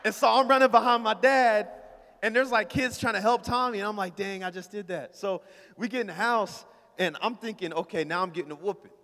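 A man with a high voice preaching a storytelling sermon, casual and playful as he calls out to his congregation. His words ring out with a long reverb from the hall around him. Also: fairly quick, a bit bright. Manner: casual, playful, talks to the crowd. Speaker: pastor.

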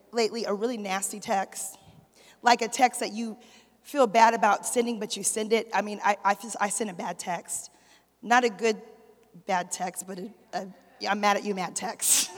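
With a fairly high, slightly bright voice, a pastor's wife preaches in a church sanctuary where a long hall reverb trails her words. Her energetic storytelling is punctuated by calls for the congregation to respond.

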